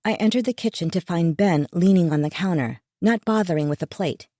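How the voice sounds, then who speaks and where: Warm low-voiced woman narrating an audiobook. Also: brisk, dry recording, studio quality. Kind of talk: first-person audiobook narration.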